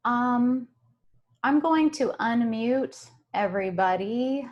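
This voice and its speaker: A woman hosting a meditation group on a video call, gentle and soft-spoken, laughing often. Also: on the high side, expressive, slow, dull audio.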